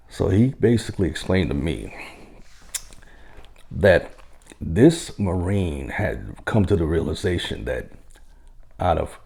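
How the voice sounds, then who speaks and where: Deep, gravelly man telling a story. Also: animated, a little mellow. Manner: unhurried, conversational, with occasional chuckles. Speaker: military veteran telling a story. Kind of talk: casual spoken storytelling.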